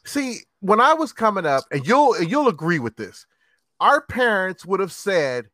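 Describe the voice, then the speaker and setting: Blunt, high, lively-voiced man on a podcast. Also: moderate pace, no echo, studio quality. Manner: blunt, wry, swears casually. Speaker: podcast co-host. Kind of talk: casual podcast chat.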